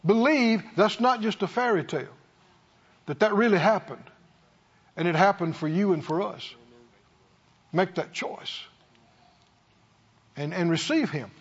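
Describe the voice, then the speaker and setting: A man's voice: sits high, measured pace, long pauses, husky, highs cut off. A man preaching a sermon in a church, with emphatic, repetitive call-and-response delivery. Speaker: pastor.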